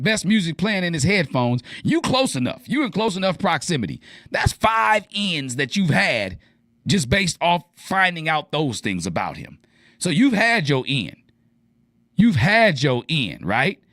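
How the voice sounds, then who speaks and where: A man's voice: on the high side, a bit bright, no room sound, clean studio sound. A man hosting an advice radio show, talking casually and animatedly in slang and acting out the lines he quotes.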